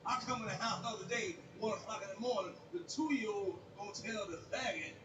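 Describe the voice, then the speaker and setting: High-voiced man ranting crudely on stage. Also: brisk, heavy background noise. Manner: loud, crude, animated ranting. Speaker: stand-up comedian. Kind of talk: profane stand-up storytelling. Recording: echoey live recording from far off.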